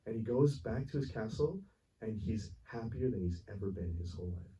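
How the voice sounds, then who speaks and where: A man's voice: fairly low pitch, expressive, normal speed, mellow. A man answering audience questions after a screening, rambling and earnest, with many restarts and frequent laughs. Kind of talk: casual Q&A answer, storytelling. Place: cinema theater with audience. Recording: distant voice, faint noise, live audience room.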